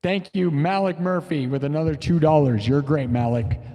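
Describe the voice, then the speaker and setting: Brief: young male live streamer, grieving, rambling casual chat with "dude" and "bro", slightly high voice. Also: normal speed, dark tone. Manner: rambling, emotional, repeats phrases, says dude and bro. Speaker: live streamer and improv musician.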